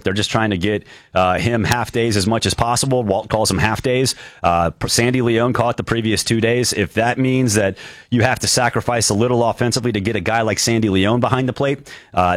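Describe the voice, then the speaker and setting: A man hosting a sports radio call-in show from a studio, talking in a quick, energetic, conversational way and sounding a little out of breath. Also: fairly low pitch, no room sound. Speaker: radio sports talk host.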